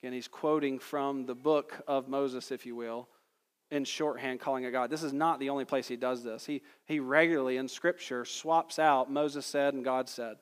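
A man's voice: medium pitch, long reverb tail. A man preaching a sermon as a pastor, conversational and building to emphatic peaks.

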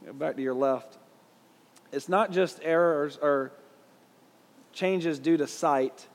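A man with a Southern US accent leads a Bible class conversationally, asking his listeners questions. His voice is on the high side and unhurried, and the sound carries the echo of a big room.

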